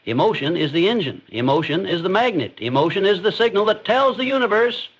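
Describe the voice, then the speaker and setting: A man delivers scripted motivational narration, each line landing with firm emphasis. His voice sits a little on the high side. The tone stays intense and declarative throughout. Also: big pitch swings, brisk, slightly rough, muffled recording.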